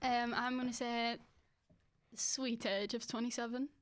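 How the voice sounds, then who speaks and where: A woman's voice: fairly high pitch, little pitch movement. Giggly young woman, playful podcast chat. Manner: giggly, playful, quick to argue her answers. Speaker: podcast co-host. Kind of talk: casual chat, quiz game.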